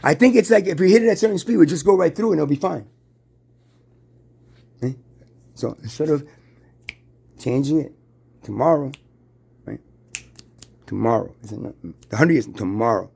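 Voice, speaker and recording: Gravelly, husky male voice with a dark tone, rambling and preachy, full of restarts and rhetorical questions. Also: fairly high pitch, lively intonation. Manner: halting, restarts and stammers.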